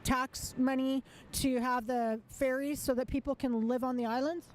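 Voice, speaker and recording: A woman's voice: high-pitched, steady tone, normal speed, darkish tone. A woman interviewing passers-by on the street, firing off blunt, provocative questions and laughing often. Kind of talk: street vox-pop interview. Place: outdoors on a city street. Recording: street traffic noise.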